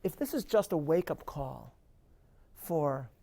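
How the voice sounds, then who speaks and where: During a live interview, a rabbi answers questions with earnest, measured, lecture-like speech, punctuated by emphatic stresses and constant restarts. His voice runs on the high side, animated and dark-toned, with vocal fry.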